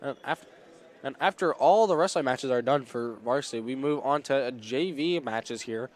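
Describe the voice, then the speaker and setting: A man doing live play-by-play commentary at a school wrestling meet, excitable and rambling, often stopping to apologize. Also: mid-range voice, normal speed. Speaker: play-by-play announcer. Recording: loud gym crowd noise. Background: cheering crowd and shouting coach.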